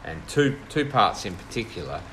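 This is a man with a fairly deep voice leading a small-group Bible study in an informal way. His pitch swings widely as he pauses, restarts, and fills gaps while thinking. The recording is low quality and carries a gentle hiss.

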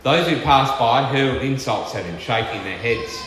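A man preaching a sermon with earnest, emphatic delivery, slowing down to stress key words. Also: mid-range voice, animated, music in the background. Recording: echoey church hall with long reverb.

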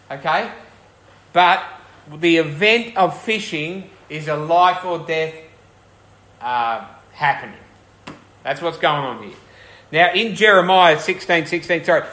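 A man preaching a sermon with a slightly higher voice than most men. He talks earnestly and conversationally, often putting questions to the congregation. His voice rings through an echoey church hall. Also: pushed and bright. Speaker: pastor.

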